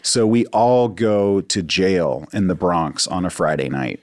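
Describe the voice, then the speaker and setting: A man's voice: deep voice, measured pace, no echo, studio quality. A man telling a long anecdote in casual chat as a guest, acting out the voices of the people in it. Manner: animated, acts out voices in his anecdotes. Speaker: podcast guest. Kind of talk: casual storytelling.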